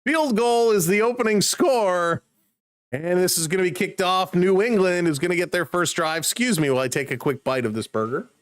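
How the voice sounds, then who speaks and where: A man casually calling football play-by-play on a live stream, chatting excitedly with viewers. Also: on the high side, fast talker, few pauses, dry recording, studio quality.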